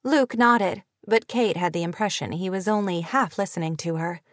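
An audiobook narrator, a woman, reads a story aloud in scripted narration, her voice even, steady, and fairly low. She speaks at a moderate pace, and the sound is dry with no room sound.

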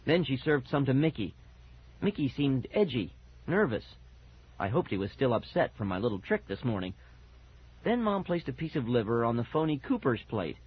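A man narrates a children's story with expressive reading. His pitch moves a great deal and his voice has a husky, breathy edge. The recording is dull and lo-fi. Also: normal speed, no room sound. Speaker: audiobook narrator.

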